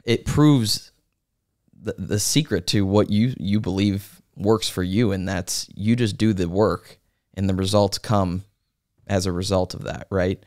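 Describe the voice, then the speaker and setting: A man's voice: low-pitched, unhurried, a little mellow. A man hosting an interview, reacting with amazement and thinking aloud about what his guest said. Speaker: podcast host. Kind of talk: casual interview.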